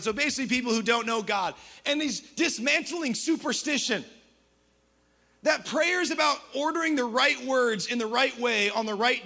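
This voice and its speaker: A man preaching a sermon as a pastor, energetic and humorous, with quick conversational asides. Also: very high voice.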